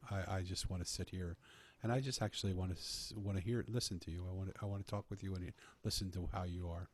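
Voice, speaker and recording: A man's voice: sits low, fairly even intonation, quick pace. A man earnestly telling a personal story in conversation, often restarting his phrases. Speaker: podcast guest telling a story.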